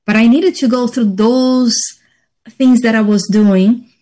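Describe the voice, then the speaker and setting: Female interview guest, unhurried and reflective, measured delivery with many pauses. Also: fairly high pitch, fairly even intonation, mellow. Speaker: interview guest, healing practitioner. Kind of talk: personal story in conversation.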